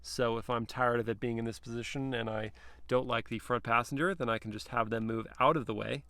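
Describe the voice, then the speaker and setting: A man's voice: mid-range voice, steady tone, fairly quick, bright, forceful tone, no echo. A man giving a casual, playful review from the back seat of a car, chatting and joking to himself as he goes.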